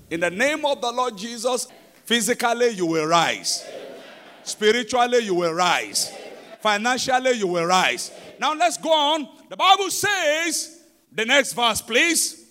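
With an extremely high, very animated voice, a Nigerian-accented pastor preaches slowly in a church service. He is emphatic, quizzes the congregation, and swings between shouts and hushed sections.

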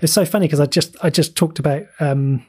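A man chatting on a podcast with a dark, mellow tone and a husky edge. He talks keenly and laughs easily as he reacts to his co-host. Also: on the high side. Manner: enthusiastic, quick to laugh. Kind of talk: casual chat.

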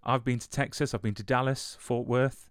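A man's voice: medium pitch, steady tone, moderate pace, clean tone, no echo, clean studio sound. A man, hosting an interview and heaping effusive praise, often repeating his words. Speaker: interview host. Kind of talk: casual interview chat.

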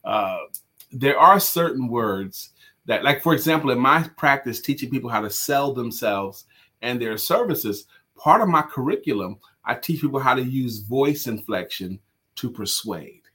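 Husky, animated male host. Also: medium pitch, moderate pace. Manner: animated and emphatic, repeats key phrases. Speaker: show host and sales coach. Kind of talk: casual livestream chat.

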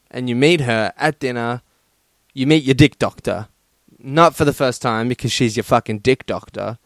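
A man's voice: mid-range voice, moderate pace, no echo. Swearing, self-mocking young man podcaster. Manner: profane, self-deprecating, joking. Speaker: podcast host. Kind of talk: casual solo podcast chat.

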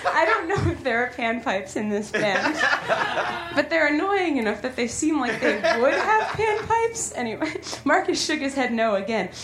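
A woman with a high voice reads raunchy fiction for laughs at a live comedy club. She keeps cutting in with dry, sarcastic asides. The room is echoey, and noise sits clearly behind her. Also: sing-song, moderate pace. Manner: dry asides breaking the reading. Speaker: comedian reading erotic fan fiction. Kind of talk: sarcastic comic reading with asides.

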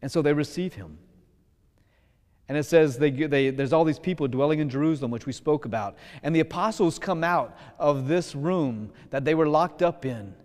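A high-pitched man preaches a homily as a Catholic priest, loose and conversational, drawing out words for emphasis. His voice rings with a long echo, as if recorded in a large church. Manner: lively, casual preaching that slows for emphasis. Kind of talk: sermon.

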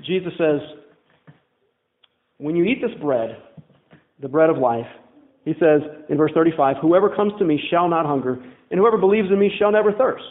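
A man's voice: on the high side, moderate pace, long pauses. A man preaching a sermon as pastor, talking in a conversational way and asking the congregation questions. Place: church. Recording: phone-like echoey church sound.

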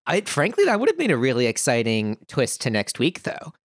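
A man's voice: mid-range voice, wildly swooping pitch, fairly quick, dry recording, studio quality. A man co-hosting a podcast, chatting animatedly about a reality show, swearing casually and acting out quotes. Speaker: podcast co-host.

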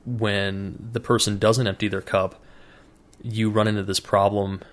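A man's voice: lowish voice, little pitch movement, unhurried. A man co-hosting a casual podcast, telling profane stories and acting out the people in them. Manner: profane storyteller acting out quoted voices. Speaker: podcast co-host.

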